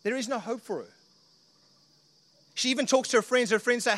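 A pastor with a high-pitched, slightly bright voice preaches a little fast, earnest and conversational, often turning to his listeners with questions. The long reverb of a church hall rings around him.

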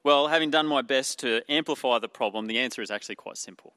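A man's voice: mid-range voice, fast talker, bright, forceful tone, dry recording. A man with an Australian accent preaching a sermon in an earnest way, asking rhetorical questions and using fillers.

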